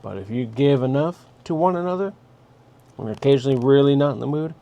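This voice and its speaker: Man, mid-pitched, blunt and direct, host of a casual advice monologue. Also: animated, quick pace, vocal fry, lo-fi sound. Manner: blunt, direct, giving orders.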